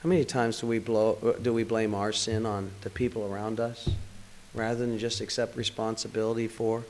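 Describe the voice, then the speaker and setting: A man's voice: on the low side, flat delivery, normal speed, darkish tone, in a large hall. A man preaching a conversational sermon, full of rhetorical questions and direct appeals to the congregation.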